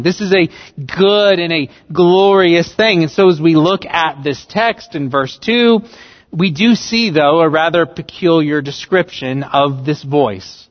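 A man preaching a sermon as pastor, delivering it emphatically and rising in pitch and volume on key words. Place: church sanctuary. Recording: dull livestream audio in a reverberant hall.

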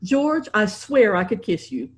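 Give us a flustered, upper-crust young woman from a comic period mystery, as a woman reads her aloud. Her voice is breathless and exclamatory, leaping high and swinging widely as she reacts. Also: very animated, unhurried. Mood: relieved.

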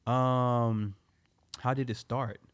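A relaxed man with a Southern American accent talks loosely in a casual podcast chat, spinning stories in easy slang. His voice sits at an ordinary middle pitch for a man. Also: drawn-out words, clear, resonant tone. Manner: laid-back, relaxed storytelling with slang. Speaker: podcast co-host. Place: home garage.

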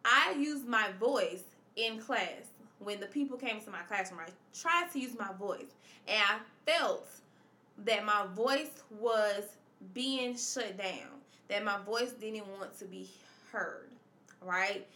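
A woman's voice: mid-range voice, slow pace, bright, forceful tone, reverberant. A woman hosting a confessional podcast, speaking emphatically and repeating her points in a preacherly way. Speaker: podcast host. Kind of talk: personal confessional podcast monologue.

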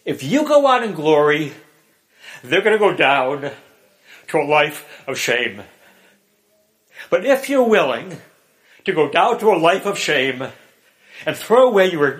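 A man voicing an earnest male priest who solemnly urges a condemned friend, speaking slowly and deliberately. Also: fairly high pitch, fairly bright tone. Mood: urging. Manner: solemn, urging, slow and deliberate. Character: earnest older male priest pleading with a convict.

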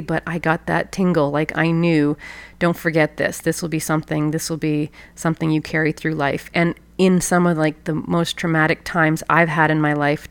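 Low-voiced woman coach telling a story. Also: clean tone, no room sound. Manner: warm, reflective storytelling with soft laughs. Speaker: personal excellence coach and podcast host. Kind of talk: motivational storytelling monologue.

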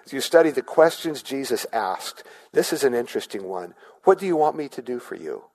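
A man's voice: mid-range voice, sing-song, brisk, darkish tone, poor audio. A male pastor giving a sermon in a conversational way, often asking the congregation questions and restarting his words.

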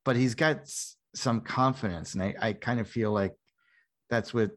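A low-pitched man talks through a casual podcast chat. He is blunt and opinionated, with laughter breaking into his sentences. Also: moderate pace, a bit bright.

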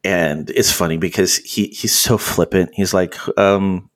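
A man co-hosting a podcast in casual chat, relaxed and hedging with plenty of "you know" and "kind of". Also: low voice, normal speed, hardly any pauses. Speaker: podcast co-host.

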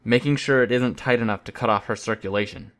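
A man voicing a calm, practical young man who answers tersely and matter-of-factly. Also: mid-range voice, fast talker, natural voice.

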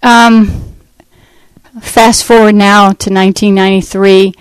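A middle-aged woman telling her personal testimony in an earnest, conversational way, pausing and restarting as she goes. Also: mid-range voice, flat delivery, smooth, no room sound, rough recording. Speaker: speaker giving a testimony.

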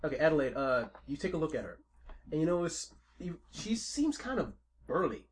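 A man's voice: fairly high pitch, big pitch swings, fairly quick. A man running a tabletop game as game master, narrating in a rambling way with frequent restarts. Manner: rambling, restarts, laughs a lot.

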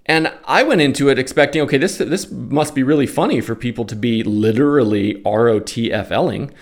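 Gravelly man ranting, exasperated and sarcastic. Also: medium pitch, a little fast. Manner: opinionated, exasperated, sarcastic, with mocking put-on voices. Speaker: stock day trader and commentator. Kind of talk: casual ranting monologue.

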